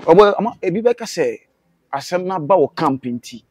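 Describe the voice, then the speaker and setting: A man with a Ghanaian accent hosts a casual interview and keeps the guest talking with brief prompts and questions. His voice is a little high for a man and slightly husky. It is recorded dry and close. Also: expressive, normal speed, no echo. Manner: prompting, short backchannel replies.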